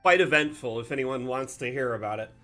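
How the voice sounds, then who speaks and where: Bright-voiced man telling a rambling story. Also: mid-range voice, brisk, faint music behind. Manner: rambling, animated, self-correcting. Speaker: community manager streamer. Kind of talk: casual storytelling on a live stream. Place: home, Las Vegas.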